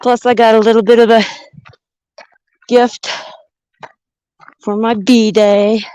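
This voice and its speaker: A woman's voice: on the high side, flat delivery, slow pace, warm tone, clean tone, no echo, rough recording. A woman vlogging outdoors on a mountain trail, chatting and thinking aloud into a handheld camera as she hikes. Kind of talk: casual walking vlog narration.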